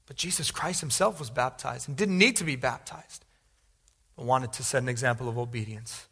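A male pastor preaching a sermon, repeating phrases and building from calm teaching to loud, pleading appeals. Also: mid-range voice, normal speed, slightly rough, big-room sound.

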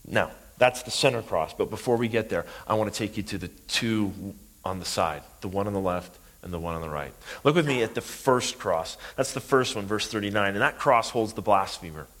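A man preaching a sermon, impassioned and repeating phrases for emphasis, rising from quiet to loud. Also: mid-range voice. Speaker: pastor.

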